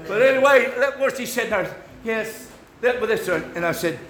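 An older man with a Southern accent preaching a sermon, shouting his exhortations and slipping into folksy asides. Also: extremely high pitch, animated, normal speed. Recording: echoey room with faint noise.

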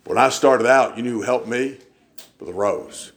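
A man with a mid-range voice preaches in a church at a normal speed, telling folksy stories in sermon style. He acts out the voices of the people he quotes.

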